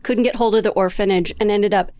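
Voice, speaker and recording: A woman's voice: mid-range voice, steady tone, fast, warm tone, no echo. A woman in her fifties, a podcast guest, telling stories in an upbeat, easy-laughing way. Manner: upbeat, storytelling, laughs easily. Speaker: guest traveler. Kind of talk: podcast interview.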